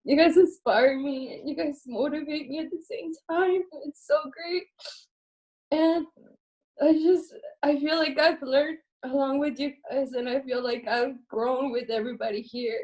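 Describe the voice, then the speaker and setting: Tearful young woman, high voice. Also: steady tone, darkish tone, rough recording. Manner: halting, repeats herself. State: tearful, choked up. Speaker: program participant. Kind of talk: emotional thank-you speech. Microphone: video call.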